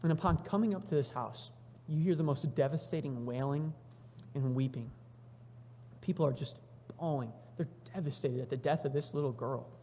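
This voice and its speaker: Man preaching, somewhat high voice, reads scripture then acts out the story casually, church hall echo. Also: moderate pace, slight background noise. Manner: reads scripture aloud, then retells it in animated everyday voices. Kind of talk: sermon. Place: church sanctuary.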